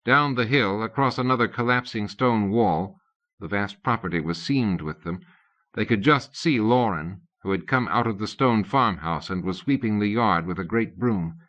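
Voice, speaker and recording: A man narrating an audiobook in a steady, measured reading. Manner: steady, measured reading, raising pitch for characters' lines. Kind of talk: scripted narration. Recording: dull lo-fi cassette audio.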